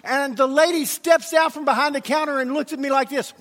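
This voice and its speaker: A man's voice: very high-pitched, fairly even intonation, brisk, fairly bright tone, big-room sound. A man preaching a sermon as pastor, telling a funny story and playing the voices in it. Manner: humorous, acts out voices in anecdotes. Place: church sanctuary.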